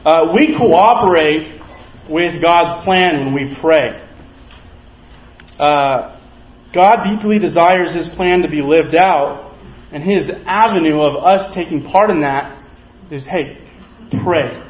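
A high-voiced man delivers a sermon, weaving in a long story and playing each character's lines. The room is echoey, the recording a little dull, and a faint hum sits behind him. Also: takes it slowly. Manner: storytelling, acts out quoted characters. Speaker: preacher. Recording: echoey, slightly dull sound.

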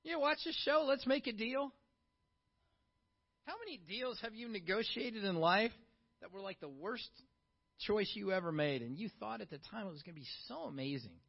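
A middle-aged pastor with a high voice preaches a sermon in an easy, conversational way. He keeps asking the congregation questions and swings between quiet asides and lively bursts. The sound is a little dull and lo-fi. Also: normal speed, creaky.

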